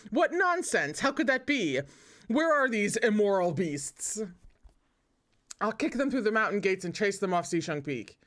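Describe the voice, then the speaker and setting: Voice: mid-range voice, quick pace, fairly bright tone, lightly acted. A reader voicing a brash, indignant young nobleman in a read-aloud of a novel, who scoffs and blusters. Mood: outraged.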